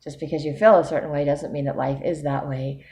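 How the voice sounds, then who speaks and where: A woman's voice: low-pitched, fairly even intonation, brisk, dark tone. A woman giving a weekly video diary update, talking candidly and thinking aloud about herself. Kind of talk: casual spoken video diary.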